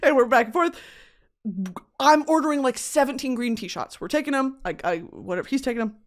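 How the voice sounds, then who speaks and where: A woman from Texas with a Texan accent, hosting a podcast and telling a comedic story in an animated, profane way, laughing often. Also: sits high, a little fast. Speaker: podcast host.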